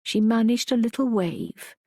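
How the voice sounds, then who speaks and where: A woman's voice: a little high, animated, creaky, darkish tone, no echo, clean studio sound. Woman narrating an audiobook. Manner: measured, reflective storytelling. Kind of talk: first-person audiobook narration.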